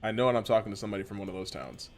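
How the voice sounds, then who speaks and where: A man from the western United States rambles profanely while streaming a game, full of slang in casual gameplay chat. His voice is on the low side, rapid-fire, and gravelly, with slight background noise.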